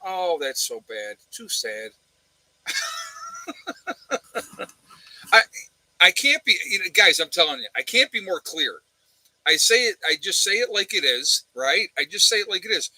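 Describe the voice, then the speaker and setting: A man's voice: high-pitched, big pitch swings, fairly quick, pushed and bright, no room sound, rough recording. A man hosting a casual livestream chat from home, blunt and sarcastic, rambling with lots of uhs and ums. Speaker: channel host. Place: home room with a fan.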